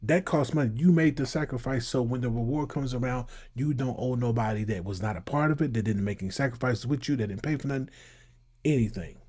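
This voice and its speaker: A man's voice: medium pitch, fairly quick, a little mellow. A man hosting his own channel, giving emphatic casual commentary and reacting to clips. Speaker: channel host.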